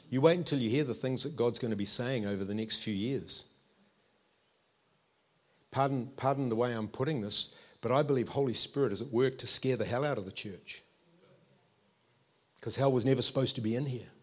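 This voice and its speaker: A man in his fifties with a New Zealand accent, preaching a sermon in a conversational, animated way and checking in with his listeners. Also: mid-range voice, normal speed, pauses often.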